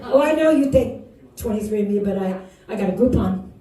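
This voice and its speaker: A woman's voice: mid-range voice, expressive, fairly quick, very noisy. A woman in her sixties from Wisconsin performing a stand-up comedy set, self-mocking and laughing through her lines. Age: 60s. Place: bar comedy stage. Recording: roomy bar sound from far off, crowd laughter. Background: audience laughing.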